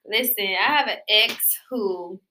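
A woman co-hosting a podcast in casual chat, telling an animated story and swearing freely. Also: mid-range voice, a little slow, a little hiss or hum. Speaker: podcast co-host.

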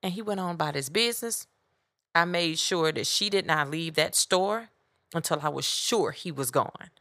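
A woman hosting a podcast, telling a story in a blunt, animated way. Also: low-pitched, moderate pace, no echo, studio quality. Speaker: podcast host. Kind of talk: casual storytelling monologue.

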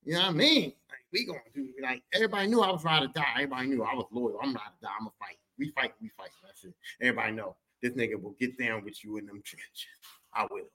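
A man telling a family story on his podcast, profane, slangy and animated. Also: mid-range voice, quick pace. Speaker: podcast host. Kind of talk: comic storytelling.

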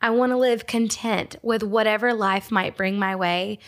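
A woman's voice: medium pitch, steady tone, normal speed. A young woman from Georgia, giving a casual devotional talk with fillers and small laughs. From Georgia, USA. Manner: casual, warm storytelling with fillers and little laughs. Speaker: speaker at a Christian ministry. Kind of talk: devotional teaching.

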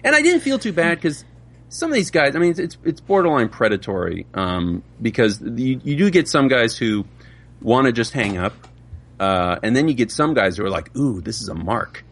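Man, voice actor, casual interview, animated, gravelly, laughs often. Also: medium pitch, moderate pace. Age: adult with children. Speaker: voice actor guest.

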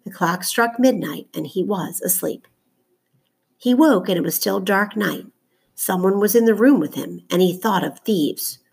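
A woman narrating a children's novel aloud in a measured, steady storytelling voice. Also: mid-range voice, gravelly, breathy edge. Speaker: audiobook narrator.

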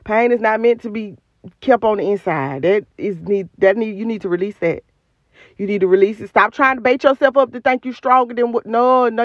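A woman's voice: on the high side, normal speed, no echo, muffled recording. A woman hosting a podcast, giving an emphatic, repetitive, preacherly motivational talk recorded on her phone. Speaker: podcast host.

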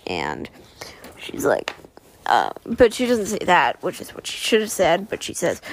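A woman's voice: medium pitch, wildly swooping pitch, a little slow, no echo. A woman casually recapping a TV episode, rambling with lots of "um, anyway" and correcting herself as she goes.

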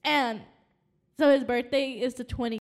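A woman's voice: a little high, fairly even intonation, normal speed. A young woman co-hosting a casual chat, talking candidly, swearing freely and laughing often. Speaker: podcast co-host.

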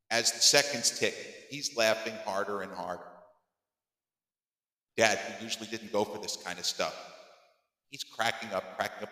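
Male host, around 50, emphatic storyteller; bright voice, reverberant room. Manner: animated, emphatic, voice climbing high when acting exasperated. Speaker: podcast host. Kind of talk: storytelling monologue. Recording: echoey room with long reverb.

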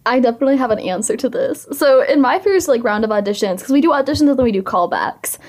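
Bubbly higher-voiced young woman. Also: expressive, fast, darkish tone. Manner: bubbly, giggly, lots of "like". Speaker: podcast guest, improv performer. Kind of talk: casual podcast chat.

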